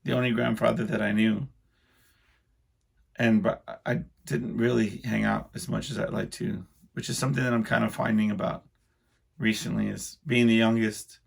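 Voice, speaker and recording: Gravelly-voiced man rambling solo. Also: on the low side. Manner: rambling, self-deprecating, halting restarts. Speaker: podcast host. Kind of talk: casual solo monologue.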